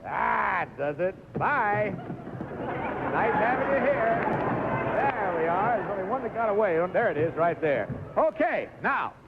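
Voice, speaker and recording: Jovial high-voiced male game show host. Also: very animated, unhurried, creaky. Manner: jovial, coaxing, walks contestants through stunts. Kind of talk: live studio game show hosting. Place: television studio with audience. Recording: dull lo-fi 1950s TV recording, faint hiss.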